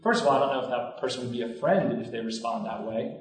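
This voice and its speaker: A man's voice: medium pitch, steady tone, quick pace. A man in his thirties, a campus minister, giving an earnest, conversational talk to students with frequent restarts and asides. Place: large hall. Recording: echoey hall from far off.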